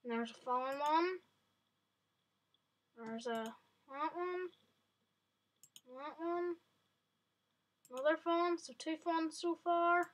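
A woman giving excitable, chatty commentary on a game to her viewers. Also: high-pitched, slow pace, long pauses. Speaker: vlogger. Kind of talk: casual gameplay commentary.

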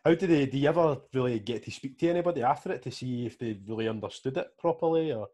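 Husky, quick co-host. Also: male voice, mid-range voice, lively intonation, dark tone. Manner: eager, stumbling questions. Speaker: podcast co-host. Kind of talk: casual interview chat.

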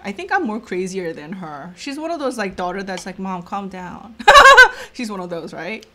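A woman's voice: mid-range voice, big pitch swings, moderate pace, noisy background. A mother in her thirties hosting a casual mukbang chat, chatty and teasing, laughing often. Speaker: channel host and mother.

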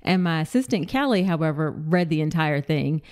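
A woman with a notably low voice hosts a podcast conversation. She affirms her guest warmly in words and then asks open, easygoing questions. Her delivery is casual and conversational. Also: expressive, normal speed. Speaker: podcast host.

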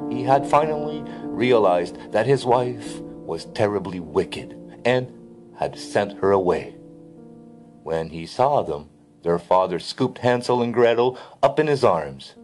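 Animated male storybook narrator. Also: lowish voice, unhurried, faint music behind.

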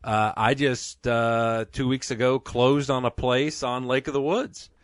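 A man's voice: mid-range voice, fairly even intonation, measured pace, no echo, clean studio sound. A man hosting a fishing podcast, chatting casually and joking, with lots of fillers, and reading sponsor plugs. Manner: joking, rambling, many "uh" fillers. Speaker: podcast host. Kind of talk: casual podcast chat with ad reads.

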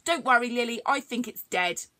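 A woman's voice: fairly high pitch, moderate pace, bright, forceful tone, voice pushed up. A woman voicing a teasing, sensible male dog who scoffs at his friend, in a storybook reading. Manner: dry, scoffing.

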